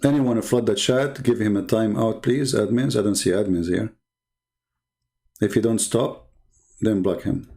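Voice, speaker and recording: A warm, lowish voice with vocal fry belongs to a man from the Arab world who hosts a live online debate channel. Speaking unhurriedly with frequent pauses and an Arabic accent, he mocks his opponents using one rhetorical question after another.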